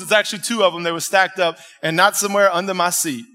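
A man preaching from the pulpit, his voice pitched high for a man and ringing bright. He tells his story with animated emphasis, checking in with the congregation as he goes, in a church sanctuary. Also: quick pace, hardly any pauses, soft background music. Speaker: pastor. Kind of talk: storytelling sermon.

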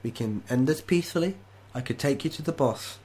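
A man voicing a sly young woman villain, talking in a high teasing voice. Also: lively intonation, brisk, mellow. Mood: smooth.

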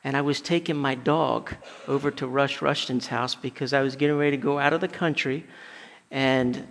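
A man's voice: mid-range voice, a bit bright. A male pastor preaching a conversational sermon, telling stories and often stumbling over and repeating words. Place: church sanctuary. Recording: long hall reverb.

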